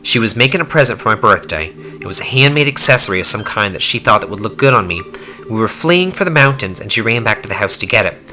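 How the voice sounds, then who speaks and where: Man voicing a gruff young swordsman, blunt and slangy, lively swings in pitch, bright edge. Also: fast talker, faint music behind. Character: gruff young male fighter, rough-spoken. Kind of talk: fan voice-over reading of game dialogue.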